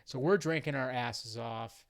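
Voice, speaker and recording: A man's voice: medium pitch, measured pace. A young man casually telling a travel story, swearing freely and rambling with lots of fillers. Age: young adult. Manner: profane, rambling, frequent fillers. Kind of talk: casual anecdote.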